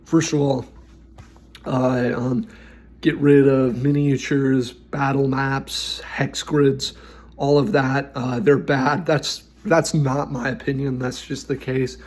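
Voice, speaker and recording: A man's voice: mid-range voice, level tone, slow pace, a little mellow. A man who runs tabletop games gives advice in a blunt, opinionated way, with lots of fillers. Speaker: game master giving advice. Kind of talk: casual opinionated talk.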